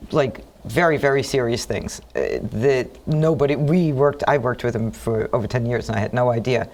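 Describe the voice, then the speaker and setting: A woman, hosting a TV talk show and telling a chatty story, acting out what people said in lively voices. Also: extremely low pitch, normal speed. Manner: animated, acts out quotes in lively voices. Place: TV studio.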